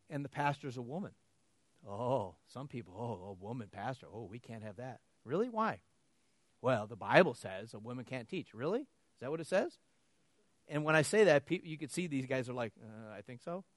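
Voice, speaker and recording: Guy preaching, lively storytelling, laughs a lot, kinda higher voice, dry sound. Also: dry recording. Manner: animated storytelling with laughs, acting out dialogue. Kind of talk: sermon.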